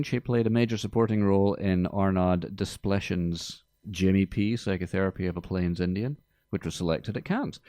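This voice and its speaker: A man hosting a casual movie podcast in a studio, talking in a dry, deadpan joking way. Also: low voice, no room sound. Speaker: podcast host.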